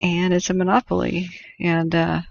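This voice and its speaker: A woman's voice: fairly low pitch, completely flat delivery, normal speed, gravelly, dull audio. A woman hosting a wildfire-tracking livestream, giving sardonic, rambling commentary and laughing often. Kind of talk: live stream commentary.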